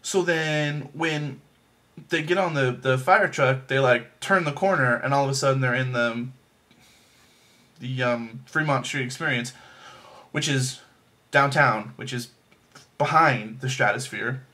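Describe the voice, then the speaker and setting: A man's voice: medium pitch, measured pace, long pauses, sharp tone. Man, casual movie review, rambling, fillers and restarts, self-deprecating jokes. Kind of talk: casual chat.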